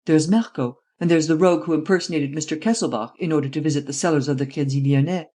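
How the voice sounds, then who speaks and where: Reader doing an impatient statesman guy, blustery, keeps demanding results, middle pitch. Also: mellow, natural voice. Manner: brisk, exclamatory, pushes for quick results. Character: impatient male head of government, blustering.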